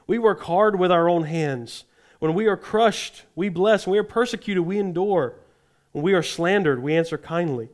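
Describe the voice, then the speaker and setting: A man with a fairly high voice preaches a sermon. He reads scripture aloud, then explains each passage plainly, lifting his voice to act out the tone of the quoted verses. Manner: acts out the tone of the quoted verses, rising in pitch. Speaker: pastor.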